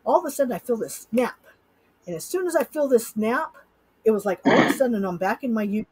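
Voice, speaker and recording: A woman's voice: a little high, animated, fast talker, darkish tone, breathy edge, rough recording. A middle-aged woman from Utah, a hypnotist guest in an interview, telling a personal story with animation and acting out her own thoughts. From Utah, USA.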